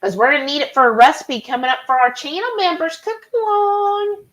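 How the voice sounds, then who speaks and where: A woman's voice: sits high, fairly quick, fairly bright tone, rough recording. A woman hosting a cooking live stream, chatting casually and reading viewer comments aloud. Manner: chatty, rambling, reads chat comments aloud. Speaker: cooking channel host.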